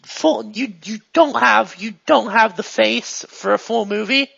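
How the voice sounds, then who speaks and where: GM playing a gushy TV diva, gravelly and breathy, dull recording. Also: medium pitch, unhurried, exaggerated voice. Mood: gushing. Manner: gushing, jumps from excited to hushed. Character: excitable female TV star, gushing and pushy.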